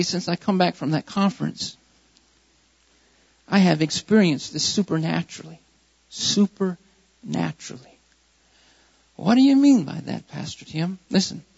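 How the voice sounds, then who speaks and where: A man's voice: sits high, lively intonation, normal speed, vocal fry, in a large hall, dull audio. A male pastor preaching a sermon, repeating key phrases with rising emphasis.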